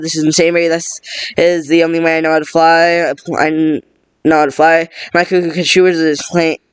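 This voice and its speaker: Fast, flat man reading a script. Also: a little high, clean tone, dry recording. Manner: flat, rapid monotone. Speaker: script reader. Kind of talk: reading a film script aloud.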